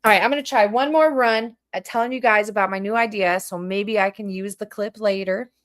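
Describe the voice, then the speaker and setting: A woman's voice: medium pitch, fairly quick. Fervent woman preaching on a livestream. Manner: fervent, preachy, asks pointed questions. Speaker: livestream host and community food organizer. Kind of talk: impassioned livestream monologue.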